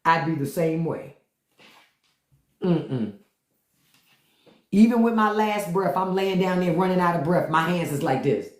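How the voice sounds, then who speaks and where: Speaking fairly quickly at a medium pitch, this host rambles through profane anecdotes for livestream viewers, with frequent laughter and disapproving hums, all in an echoey space.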